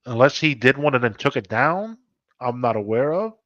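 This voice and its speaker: A man's voice: medium pitch, lively intonation, moderate pace, a bit bright, no echo, muffled recording. A man co-hosting a casual live-stream chat, joking and teasing with an easy laugh. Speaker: co-host.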